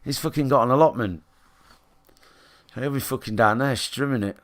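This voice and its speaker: Blunt, sweary streamer. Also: male voice, mid-range voice, moderate pace. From England. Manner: blunt and sweary, rambling with restarts and fillers. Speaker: game streamer. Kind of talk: casual rambling chat to a live stream. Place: his own room, alone.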